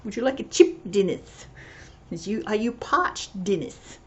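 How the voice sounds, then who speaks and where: A woman's voice: medium pitch, lively intonation, measured pace, darkish tone, close to an everyday voice. A woman voicing a jolly male delivery man with a put-on New Zealand accent, repeating his name in a teasing sing-song.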